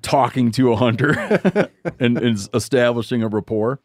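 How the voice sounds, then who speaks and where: A man's voice: medium pitch, animated, normal speed, no echo. A man hosting a podcast in casual chat, rambling and often restarting his sentences. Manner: rambling, self-interrupting storyteller. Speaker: podcast host. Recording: dry close studio mic.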